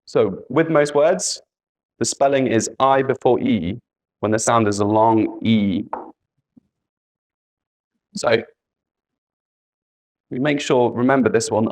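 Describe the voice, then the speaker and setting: Guy teaching spelling rules real slow, mid-pitched, says the letters over and over. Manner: patient, repeats letters and examples. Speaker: English teacher.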